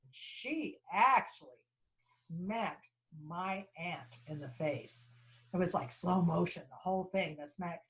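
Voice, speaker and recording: A woman lecturer telling a personal story, with halting restarts and repeated phrases, acting out the people she quotes. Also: on the low side, poor audio. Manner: animated, voices the people in her story.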